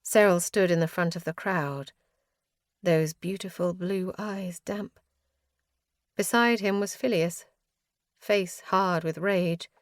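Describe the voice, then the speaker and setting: A woman's voice: on the low side, takes it slowly, no room sound, studio quality. A woman narrating a first-person fantasy audiobook in an earnest, grief-heavy tone.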